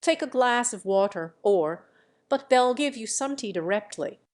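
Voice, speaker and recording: A woman's voice: on the high side, expressive, measured pace. A woman reading a cool, mocking young lady. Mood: composed. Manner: composed, coolly businesslike.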